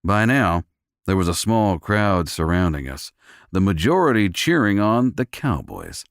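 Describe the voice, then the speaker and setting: Low gritty guy reading a romance audiobook, lots of swing in his voice. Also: big pitch swings, measured pace, clear, resonant tone, no room sound, clean studio sound. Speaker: audiobook narrator. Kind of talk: first-person romance narration.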